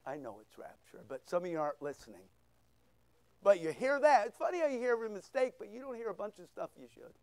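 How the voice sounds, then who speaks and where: Man preaching, very high voice, smooth and clear, close dry sound, rhetorical questions. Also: big pitch swings, fast, a little mellow, dry recording. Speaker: pastor. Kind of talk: sermon. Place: church.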